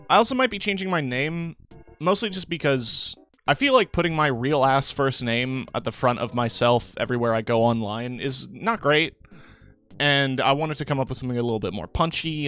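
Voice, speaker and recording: The voice is a young man's, medium in pitch, clean in tone and brisk in delivery, with soft music underneath. He's live-streaming and talking easily to his chat, though he's tired and yawning, rambling along and leaning on filler words.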